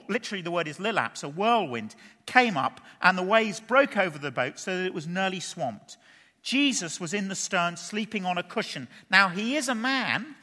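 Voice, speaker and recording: A man preaching an expository sermon in a church hall. He is lively, asks the audience questions and drops playful asides. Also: sits high. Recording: long reverb of a large hall.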